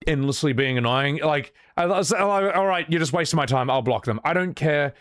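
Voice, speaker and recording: A man's voice: fairly high pitch, fairly quick, no room sound, clean studio sound. A man streaming live, chatting casually with his viewers, blunt and profane as he vents his exasperation, often restarting his sentences. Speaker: livestreamer. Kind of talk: casual livestream chat.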